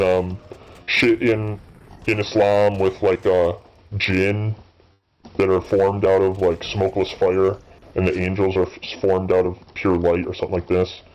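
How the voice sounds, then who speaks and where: A low-pitched man in his thirties rambles through unscripted commentary while gaming, swearing often and stumbling over fillers and restarts. The recording is dull and lo-fi, lacking any crisp top end. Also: a little mellow. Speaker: gaming channel host. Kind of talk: rambling off-the-cuff commentary while playing a game.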